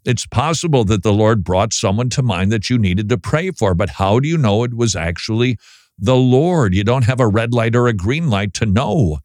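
A man's voice: lowish voice, expressive, moderate pace, a little mellow, no echo, clean studio sound. A middle-aged man hosting a casual Christian talk show, chatty with wry asides, sometimes stumbling over his words. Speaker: podcast host.

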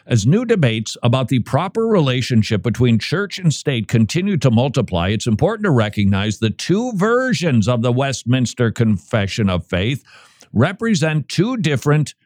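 A man hosts casual talk radio, reading an article aloud and breaking off for playful jokes. His medium-pitched voice is sing-song and darkish, at a normal speed. The recording is studio quality with no room sound.

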